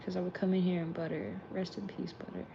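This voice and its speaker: A woman with a slightly low voice talks in a loose, rambling way, swearing freely as she chats through a late-night vlog. She is recorded inside a car, and the audio is a bit muffled and lo-fi. A faint hum of car noise runs underneath her voice. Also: flat delivery, fast, vocal fry. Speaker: streamer and vlog host. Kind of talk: casual late-night chat.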